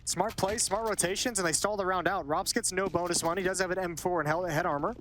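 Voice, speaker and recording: Fast-talking male esports analyst. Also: high voice, steady tone, fairly bright tone. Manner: quick, chatty analysis with repeated words. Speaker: esports commentator. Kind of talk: analytical color commentary. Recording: esports broadcast with clear background noise.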